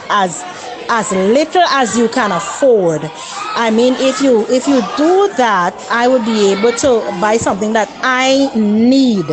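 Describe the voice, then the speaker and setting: A woman, her voice sitting a little high, speaks in a sweet, coaxing way. She pauses often with ums and hints at what she wants, like a voice message left for parents. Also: rough recording. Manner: sweet, hinting, hesitant with many ums. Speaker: teacher in a circulated voice note.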